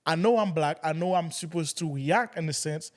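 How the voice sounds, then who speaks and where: A young man co-hosting a podcast, talking casually in loose, halting sentences with many restarts. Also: a little high. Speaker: podcast co-host. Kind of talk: casual chat.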